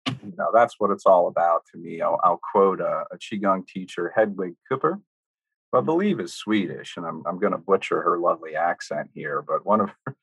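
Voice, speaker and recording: Low gravelly guy, really slow calm qigong instructions, dry close sound. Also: no echo, poor audio. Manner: slow, calm guiding with a folksy tone. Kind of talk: guided self-massage instruction.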